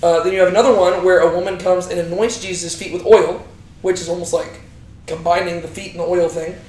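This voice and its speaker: High-voiced man teaching a Bible study. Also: a little fast. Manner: lively, conversational, asks the group questions. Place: echoey room with a small group. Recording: roomy echo.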